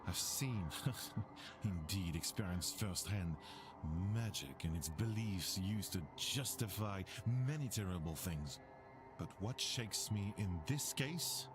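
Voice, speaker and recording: A grave French scholar with a French accent, speaking in a very low, measured and solemn voice. He is stern but humane, weighing every word in a voiced mystery game. Soft music plays faintly behind him. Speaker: game character.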